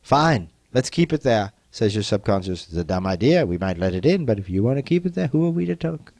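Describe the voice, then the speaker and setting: A man giving a self-help teaching talk, speaking slowly and repetitively, gently insistent and often dropping to a soft, quiet delivery. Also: on the low side, big pitch swings, creaky, no echo.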